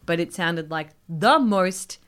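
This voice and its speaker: Chatty Australian woman, low-pitched. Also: animated, slow, a bit bright, clean tone. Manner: chatty, anecdotal, laughing often. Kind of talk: casual chat.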